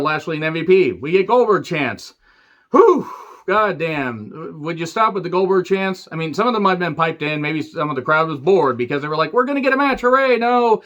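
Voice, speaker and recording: A man's voice: fairly high pitch, fairly bright tone, lo-fi sound. A man in his thirties reviewing a wrestling show in a sarcastic, profane solo rant.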